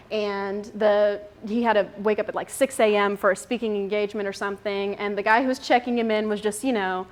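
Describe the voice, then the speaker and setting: A young woman giving a casual, chatty talk to a mothers' group, laughing often and using many fillers. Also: mid-range voice.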